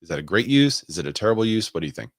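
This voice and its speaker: Man, very low voice, dry close sound, casual live-stream host, thinks aloud, asks viewers questions. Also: very animated, rapid-fire, no room sound. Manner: chatty, thinking aloud, chuckling, asking viewers for opinions. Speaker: real estate agent and show host.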